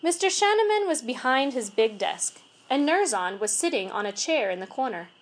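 A woman reads a first-person storybook aloud in an expressive, measured way. Her voice sits high and moves lively up and down. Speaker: reader. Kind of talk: storybook narration.

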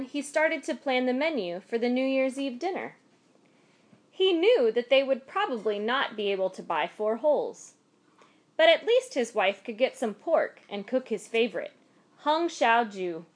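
A woman narrating a folk tale in a measured, expressive storytelling manner. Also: a little high.

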